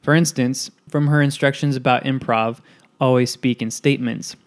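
Earnest man with a smooth voice. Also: medium pitch, steady tone, normal speed. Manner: earnest, self-deprecating. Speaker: question reader in a book discussion. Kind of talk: casual group chat, reading questions aloud.

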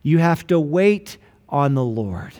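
A man preaching a sermon as a pastor, slowing down to stress key lines. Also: on the high side, very animated, darkish tone.

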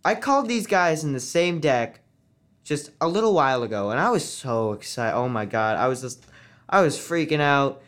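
A teenage boy, a guest on a casual chat, telling his story with eager excitement. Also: medium pitch, normal speed. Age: teens.

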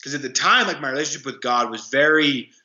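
Young guy rambling thru a story, lots of ums, bright voice, echoey room. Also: mid-range voice, expressive. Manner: halting, many fillers and restarts. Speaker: guest, anti-trafficking worker. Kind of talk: casual storytelling interview. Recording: roomy, dull lo-fi sound.

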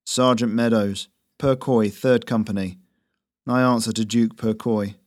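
A gravelly, burly enemy sergeant, as a male storyteller puts him on, blunt and flat as he speaks. The voice sits low, and the audiobook recording is dry and close. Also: measured pace, dry recording, close to an everyday voice. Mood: resigned.

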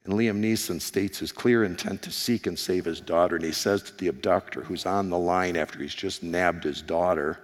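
A man preaching a sermon as pastor, hoarse, animated and firing questions at his congregation. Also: low voice, moderate pace, few pauses. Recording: long reverb of a large hall.

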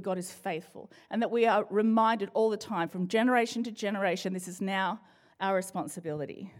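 A middle-aged woman giving a conversational sermon, playful and joking as she talks straight to the congregation. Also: medium pitch. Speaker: church speaker.

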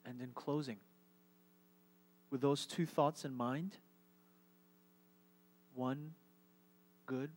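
A man preaching a live sermon to a church congregation as pastor, in a conversational style with halting, repeated words. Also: medium pitch, steady tone.

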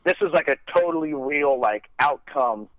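A man telling a long story in a loose, rambling way, swearing often and laughing at himself. His voice sits a touch high. The sound is dry and tinny, like a phone call. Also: expressive, moderate pace, dry recording. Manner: rambling, profane, self-deprecating, heavy use of "like". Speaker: podcast guest storyteller. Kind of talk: casual storytelling.

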